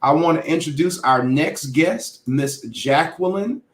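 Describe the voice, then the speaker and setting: A man's voice: fairly high pitch, unhurried. A man hosting a casual interview chat, upbeat and emphatic, laughing often. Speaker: host. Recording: roomy echo.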